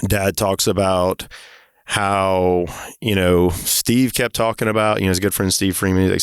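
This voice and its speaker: Deep-voiced man telling a story. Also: flat delivery, clear, resonant tone, no echo, clean studio sound. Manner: earnest, halting, full of fillers. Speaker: company co-founder. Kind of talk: casual storytelling in an interview.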